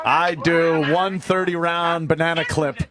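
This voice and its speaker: A man hosting a radio show, giving a profane, excited running commentary while they watch a film. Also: fairly high pitch, unhurried, very noisy.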